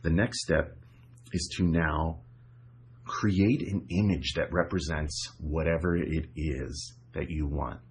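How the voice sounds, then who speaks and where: A man's voice: extremely low pitch, fairly even intonation, slow. A man coaching viewers through a visualization technique in a casual, repetitive way, often checking in with "right?" and "okay?". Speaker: self-help coach. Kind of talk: guided instruction to camera.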